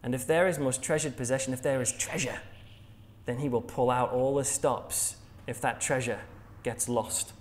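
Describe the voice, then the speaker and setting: A man's voice: medium pitch, fairly even intonation, normal speed. An English man preaching a sermon in a jokey, conversational way, laughing at his own jokes. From England.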